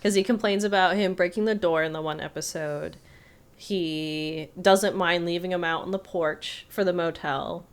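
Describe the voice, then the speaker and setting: A woman's voice: lowish voice, steady tone, moderate pace, smooth. A young woman co-hosting a podcast in casual chat, easygoing and asking questions. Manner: easygoing, asks questions, laughs often. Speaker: podcast co-host.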